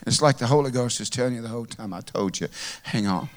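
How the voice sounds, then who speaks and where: A man's voice: mid-range voice, fast talker. A man preaching a heartfelt, conversational sermon to a congregation in church. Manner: earnest, heartfelt, conversational with repeated phrases. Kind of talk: storytelling sermon.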